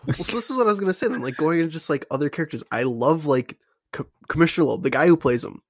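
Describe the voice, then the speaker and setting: A man's voice: a little high, animated, racing, no echo, clean studio sound. A man co-hosting a podcast, chatting casually and enthusiastically about a film, rambling with many fillers. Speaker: podcast co-host. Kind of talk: casual film review chat.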